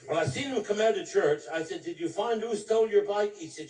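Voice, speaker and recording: A man tells crude jokes. He often laughs at his own punchlines. His voice is high-pitched and sounds roomy and distant. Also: brisk, hardly any pauses, a little mellow. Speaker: comedian telling jokes. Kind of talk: crude stand-up joke telling. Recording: echoey room heard from far off.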